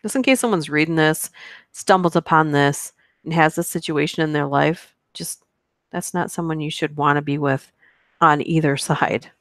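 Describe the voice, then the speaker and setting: A woman with a notably low voice reads stories aloud on a live stream, then drifts into casual, chatty asides to her viewers. The sound is close and dry, with no room echo. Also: normal speed. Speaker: YouTube horror story narrator. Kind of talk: live-stream story reading and chat.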